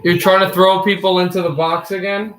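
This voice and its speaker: Excitable high-voiced man calling hockey. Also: brisk. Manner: excitable, rises to shouts on goals. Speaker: livestream hockey commentator. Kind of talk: amateur play-by-play commentary mixed with casual chat. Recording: roomy echo.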